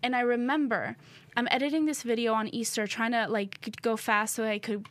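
A woman co-hosting a faith podcast, talking in an earnest, animated way about prayer and her own struggles. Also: on the high side, no echo. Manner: animated, earnest, quick to rebuke and laugh. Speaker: podcast co-host. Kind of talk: faith-based casual chat.

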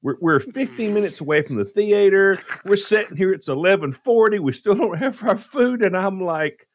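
A man's voice: high voice, lively intonation, moderate pace, no echo, studio quality. A man telling a comic story on a radio show, dramatic and exasperated as he relives it. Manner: dramatic, jumps into loud exasperated retellings.

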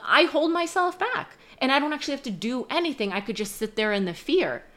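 A woman's voice: high-pitched, sing-song, brisk. Earnest woman coach, emphatic. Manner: earnest, emphatic, building to forceful points. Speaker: guest coach. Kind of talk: casual podcast chat.

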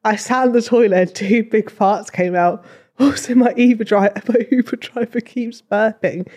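A woman's voice: fairly high pitch, normal speed, a little mellow. Casting note: young woman co-host, teasing, drops dry comments into a friend's stories. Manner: teasing, chimes in with dry asides. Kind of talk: casual chat.

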